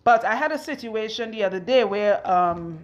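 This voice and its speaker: A young adult woman with a Trinidadian accent, chatting casually and loudly while working, telling stories and acting out what people said. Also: mid-range voice, normal speed, muffled recording. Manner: loud, animated storytelling with quoted voices. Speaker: loctician and video host.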